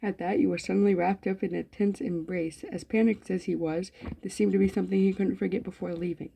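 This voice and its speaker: A woman's voice: mid-range voice, steady tone, a little fast, vocal fry, dark tone, husky. A woman, a gaming YouTuber, reading a story game aloud with running commentary, giggling often and swearing freely. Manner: giggly, profane, frequent laughter.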